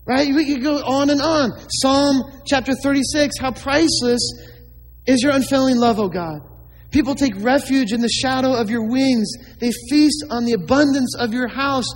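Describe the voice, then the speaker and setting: A man's voice: extremely high pitch, moderate pace, big-room sound, rough recording. A man preaching a sermon as a pastor, emphatic, with many rhetorical questions to the congregation.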